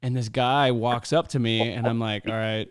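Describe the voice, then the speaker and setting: Ballplayer dude telling funny stories, smooth resonant voice, laughs a lot. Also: male voice, mid-range voice, normal speed. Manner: animated, laughing storyteller. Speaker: pro baseball player guest. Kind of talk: casual podcast chat.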